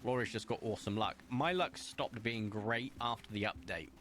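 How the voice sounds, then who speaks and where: A man's voice: on the low side, normal speed, fairly bright tone, slight background noise. A young man streaming a game from a room at home, chatting and joking at his own expense while he plays. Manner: chatty, self-mocking, talks to chat while playing. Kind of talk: casual live-stream commentary. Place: home room with window open.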